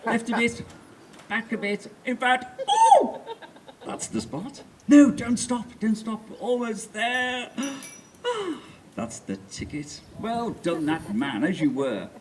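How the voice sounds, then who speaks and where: A man's voice: high voice, very animated, slow pace, far from the mic, slight background noise, pitched above the performer's own voice, exaggerated voice. A man doing a bossy, bawdy empress.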